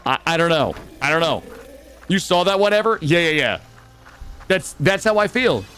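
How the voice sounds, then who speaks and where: American man streaming games, lively voice. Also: on the high side, moderate pace, a little hiss or hum. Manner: rambling, restarts sentences, talks to chat. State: has a cold. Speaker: game streamer. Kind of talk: casual gaming stream chat.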